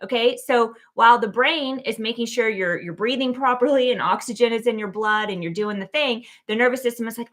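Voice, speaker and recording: A woman hosting her own show, giving a casual, animated motivational talk full of "like" and "okay?". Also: a little high, fairly quick, hardly any pauses. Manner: animated, chatty, lots of "like" and "okay?". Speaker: keynote speaker and show host.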